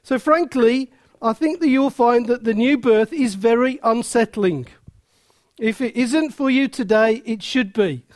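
A man preaching a sermon as pastor, earnest and measured, with frequent pauses. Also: extremely high pitch, no echo, studio quality.

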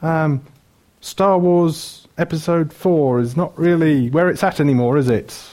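Warm in tone and slightly high, the voice of a middle-aged man from Wales unfolds unhurriedly through a chatty sermon. He jokes, lists things, and fills gaps with um after um.

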